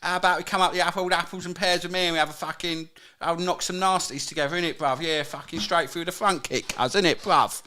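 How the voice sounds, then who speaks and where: A man's voice: on the high side, steady tone, fast, hardly any pauses, bright, forceful tone, pitched above the performer's own voice. A man putting on a brash cockney geezer who chats up a woman on the tube. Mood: cheeky. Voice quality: exaggerated cockney slang, brash.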